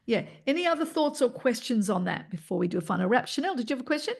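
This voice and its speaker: A woman, leading an online voice workshop in an energetic, encouraging way and demonstrating vocal tones as she teaches. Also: fairly high pitch, fast talker, creaky, breathy edge. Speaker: voice coach running an online workshop.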